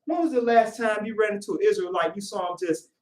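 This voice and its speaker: A man preaching a sermon, animated, acting out the people he describes in quoted voices and shouting at times. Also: high-pitched, fast talker. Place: worship hall. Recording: echoey room, voice from a distance.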